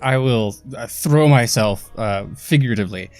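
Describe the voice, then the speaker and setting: A man at a tabletop roleplaying game, his mid-pitched voice halting and restarting as he works out his character's moves. Soft music runs under the session. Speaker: player.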